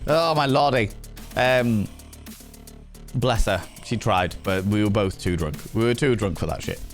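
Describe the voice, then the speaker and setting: A young man talks into a desk microphone during a live stream. He curses freely, sounds exasperated, and tells his stories with lively energy. Faint music plays behind him. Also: on the low side, a little slow. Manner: sweary, exasperated, animated storytelling. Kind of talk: casual live-stream chat.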